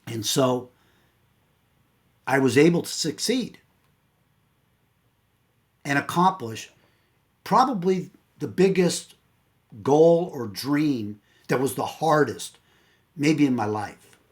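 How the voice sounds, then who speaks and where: A man coach giving a motivational talk through a personal story, earnest and at times dropping low and soft to tell the hard moments. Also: lively intonation, slow, long pauses.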